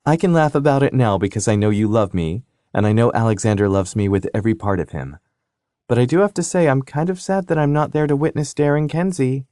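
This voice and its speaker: A man's voice: medium pitch, animated, fairly quick, dark tone, dry recording, studio quality, pitched above the performer's own voice, lightly acted. A man voicing a cheerful, teasing young woman in an audiobook, a playful sister. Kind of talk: audiobook character reading.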